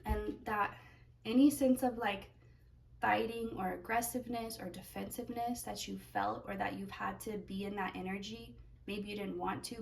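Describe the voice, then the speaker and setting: A woman's voice: mid-range voice, creaky, distant mic, rough recording. A woman giving a pick-a-card tarot reading, talking in a rambling way as she searches for words. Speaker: tarot reader.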